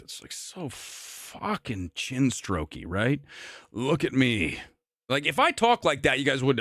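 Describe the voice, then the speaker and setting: A man hosts a live movie stream and rants into a close mic. His voice is high and bright, and it swings all over the place as he mocks what he is talking about. The room is dry and dead. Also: wildly swooping pitch, measured pace, no echo. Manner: brash, profane, mocking. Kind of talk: ranting live-stream commentary.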